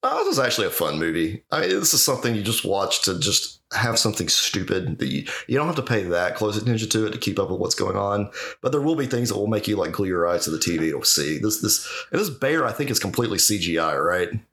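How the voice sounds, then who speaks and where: A married man co-hosting a podcast, reviewing a movie in casual chat, animated and swearing freely. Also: lowish voice, fast talker, hardly any pauses. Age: adult, married. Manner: animated, swearing, laughs often. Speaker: podcast co-host.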